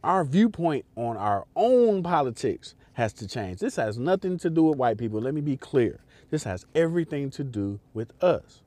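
A man's voice: mid-range voice, big pitch swings, moderate pace, hardly any pauses, dark tone, no echo. A man hosting a podcast, delivering an emphatic, repetitive and profane political commentary straight to his listeners. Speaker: podcast host. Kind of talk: impassioned political commentary monologue.

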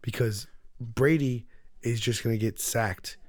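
Excitable, profane male podcast co-host. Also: medium pitch, a little slow. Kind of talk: casual sports chat.

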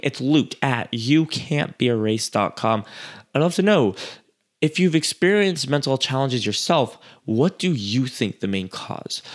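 A man hosts his own podcast alone and talks straight to the people listening. His manner is casual and chatty, and a few ums and uhs slip in. His voice sits at an everyday middle pitch. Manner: casual and chatty, with fillers, addressing listeners directly. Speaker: podcast host. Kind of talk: solo podcast talk.

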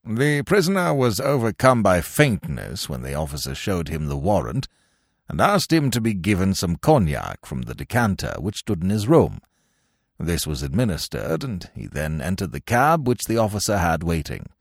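A man voicing a blustering old male army colonel who is a prison governor, speaking loudly and sternly in a dramatic audiobook reading. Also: deep voice, huge pitch swings, normal speed, vocal fry, husky, dry recording, studio quality, heavily acted. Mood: brisk. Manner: loud, stern, barking.

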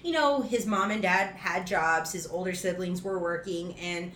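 A woman's voice: fairly low pitch, moderate pace, a bit bright. A woman guest on a casual podcast, rambling with lots of fillers and laughter. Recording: roomy echo with faint noise.

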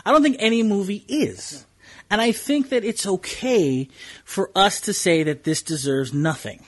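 A man co-hosting a movie chat show, his voice sitting on the high side and swinging widely in pitch. There is a husky edge to it, and he leans into his points by repeating words. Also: lively intonation, a little slow, a bit bright. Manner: emphatic, repeats words when pressing a point. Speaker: podcast co-host. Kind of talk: casual panel chat about movies.

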